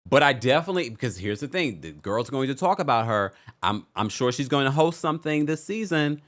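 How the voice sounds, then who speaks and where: A man's voice: mid-range voice, brisk. A man hosting a casual reality TV recap, reading viewer comments aloud with sassy, playful asides. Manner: animated, sassy, reads chat comments aloud. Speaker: recap channel host.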